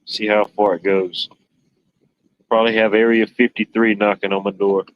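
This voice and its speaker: A man's voice: lowish voice, little pitch movement, normal speed, no room sound, dull audio. Rambling joking male stream host. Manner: rambling, joking, lots of "you know". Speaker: livestream host. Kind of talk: casual chat.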